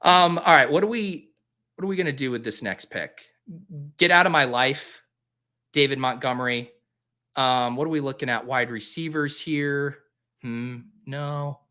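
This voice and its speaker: Bright-voiced man rambling through a draft. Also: fairly high pitch. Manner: rambling, self-mocking, talks to viewers. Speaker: fantasy football host. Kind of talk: casual live drafting commentary.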